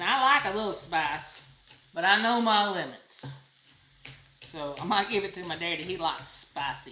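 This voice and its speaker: Southern woman hosting a home cooking show, talkative and exclamatory, mid pitch, over a sizzling skillet. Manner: chatty and folksy, exclaims over the food. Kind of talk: casual cooking demonstration. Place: home kitchen. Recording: roomy kitchen with loud frying noise. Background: sizzling pan and utensil clicks.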